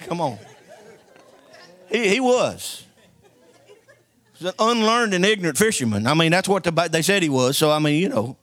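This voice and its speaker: A man preaching a sermon, lively and joking as he tells a story and calls out to the congregation for responses. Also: on the high side, moderate pace, long pauses, a faint crowd.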